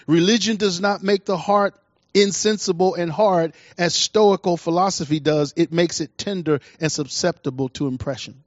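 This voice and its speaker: A middle-aged male preacher with a somewhat high voice delivers a sermon, repeating his key lines for emphasis. He swings from quiet, intimate passages to loud, pressing ones. The recording is dry and slightly muffled. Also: moderate pace, dry recording.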